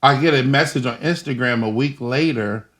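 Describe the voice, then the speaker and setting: A young man being interviewed, telling animated stories and acting out the voices of people in them. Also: mid-range voice, normal speed. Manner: animated, laughing, acts out voices in his stories. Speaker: guest. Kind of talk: casual storytelling interview.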